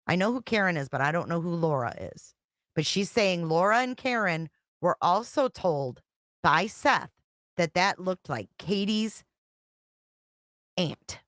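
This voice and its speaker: Woman streamer, low voice, close and dry, rambling and profane. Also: animated, unhurried, a bit bright, dry recording. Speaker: true-crime commentary host. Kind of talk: casual livestream commentary reading texts aloud.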